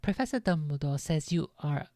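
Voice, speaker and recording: A woman's voice: deep voice, animated, normal speed, mellow, no room sound, clean studio sound. A woman voicing a fussy, strict middle-aged school nurse who talks firmly and sniffily, in a read-aloud storybook. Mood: firm sniffy. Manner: sniffy and firm. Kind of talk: audiobook-style read-aloud on stream.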